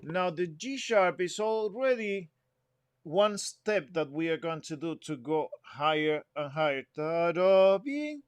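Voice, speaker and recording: Man teaching music phrasing. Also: on the high side. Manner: explains slowly, sings phrases and counts in. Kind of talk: instrument lesson.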